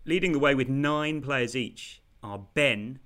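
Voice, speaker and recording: A man with a bright, sharp-edged voice hosts a podcast quiz. He explains rules and scores with an upbeat, wry tone. He is recorded over a video call. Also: medium pitch, measured pace. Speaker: quiz host.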